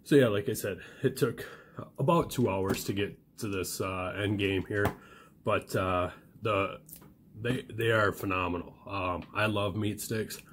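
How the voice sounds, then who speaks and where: A man hosting a casual home cooking vlog, talking through his process in a relaxed way with many fillers and restarts. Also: fairly low pitch, measured pace, a little hiss or hum. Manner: talks while chewing at times. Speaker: home cook and channel host.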